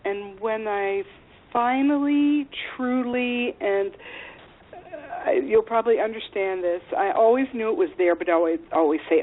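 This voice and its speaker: A woman guest on a radio interview, heard through a thin, phone-like line at a middle pitch. She tells personal stories frankly and with animation, and her speech is full of ums and you-knows. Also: normal speed. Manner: frank and animated, with many fillers. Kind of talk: candid personal storytelling.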